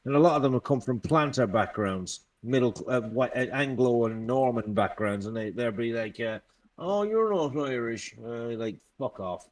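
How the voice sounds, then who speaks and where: A man's voice: mid-range voice, moderate pace, few pauses. A man in casual political chat, blunt, exasperated and heavily profane. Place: England.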